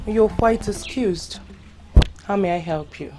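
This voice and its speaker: An actress with a Nigerian accent playing a haughty, scornful young village woman in a Nollywood drama, taunting slowly. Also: mid-range voice, loud music behind the voice, natural voice. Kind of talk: Nollywood film acting.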